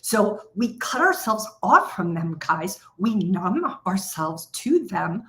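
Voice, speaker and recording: A woman's voice: mid-range voice, very animated, slow, fairly bright tone. A middle-aged woman leading a live coaching session, speaking directly to viewers and stretching out key phrases for emphasis. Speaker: trading coach.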